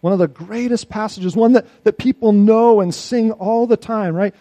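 A man preaching a sermon, swinging between loud, pleading outbursts and quiet, low asides. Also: normal speed, dry recording. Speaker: pastor.

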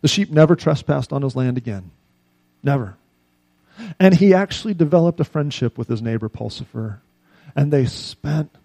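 A male pastor preaching a sermon, telling stories and dropping soft at the ends of lines. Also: mid-range voice, no echo, rough recording.

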